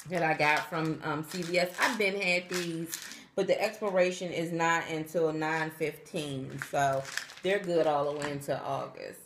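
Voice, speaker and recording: A tired pregnancy vlogger chats casually straight to her viewers on camera, acting out what people said to her. Her voice is on the low side, and the roomy recording carries background noise.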